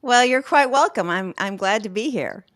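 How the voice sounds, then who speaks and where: A woman's voice: a little high, normal speed, no echo, clean studio sound. A woman with a Southern US accent, co-hosting a podcast and chatting casually with frequent laughter. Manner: laughs often, relaxed. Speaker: podcast co-host. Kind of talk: casual chat.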